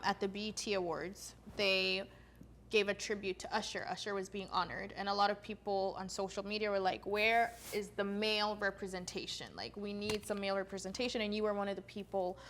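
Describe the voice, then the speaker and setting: A woman's voice: medium pitch, steady tone, a little fast, a bit bright, a little hiss or hum. Chatty woman asking interview questions. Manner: chatty, encouraging, many short affirmations.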